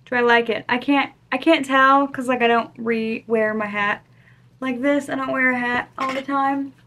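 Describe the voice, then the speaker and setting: A young woman chatting casually as she unboxes gifts, gushing and excitable. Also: high voice, moderate pace, slight background noise. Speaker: book vlogger.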